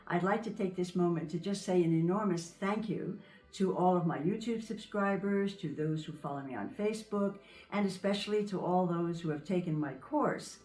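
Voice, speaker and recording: Low-voiced woman teaching in a roomy space. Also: a little mellow. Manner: slows down to model vowel sounds carefully. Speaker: French pronunciation teacher. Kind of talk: video lesson.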